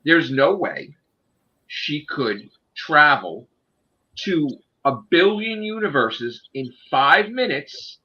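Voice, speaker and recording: A man's voice: on the high side, lively intonation, slow, pushed and bright. A man casually discussing a movie on a podcast in a ranting, profane and emphatic way. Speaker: podcast host. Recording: dull lo-fi sound.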